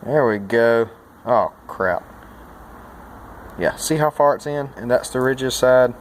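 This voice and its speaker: A man's voice: medium pitch, slow pace, a little hiss or hum. A man talking through a repair step by step in a casual, folksy way, with many fillers. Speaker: mechanic and channel host. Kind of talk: hands-on repair tutorial.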